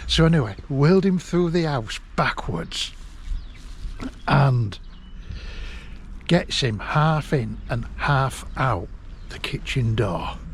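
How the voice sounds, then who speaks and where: A man, telling a personal memory in a halting, emotional way and laughing through it, recorded outdoors in a garden. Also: mid-range voice, animated, a little hiss or hum. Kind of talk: casual storytelling.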